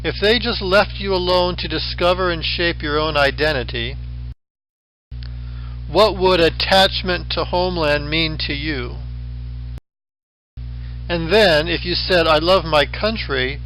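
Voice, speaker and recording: A middle-aged male professor from the western United States giving a recorded lecture with a slideshow, in a dry, wry way with deadpan asides. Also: on the high side, unhurried, long pauses, a little hiss or hum, rough recording.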